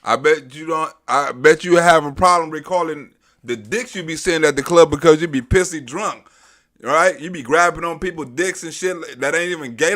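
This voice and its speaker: A man hosting a comedic reaction show, talking loud and profane, mocking and laughing often. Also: fairly high pitch, normal speed. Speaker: host.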